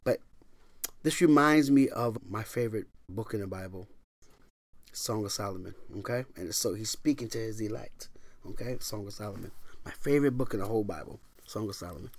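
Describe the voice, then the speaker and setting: Preaching in a fairly low, expressive voice at a brisk clip, a middle-aged pastor moves between near-whispers and forceful declarations. He repeats phrases to drive points home and recites scripture in archaic language.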